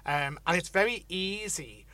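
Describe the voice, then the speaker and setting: A man's voice: sits high, animated, measured pace, pushed and bright, no room sound. A man with a Liverpool accent, hosting a radio show and chatting in a reflective, easygoing way with frequent fillers. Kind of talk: casual interview chat.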